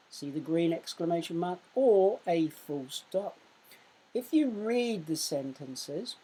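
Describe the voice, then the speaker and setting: A woman teaching a recorded primary school lesson. She speaks clearly and raises her voice to show exclamations. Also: fairly low pitch. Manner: slow, clear teaching voice that loudly acts out exclamations.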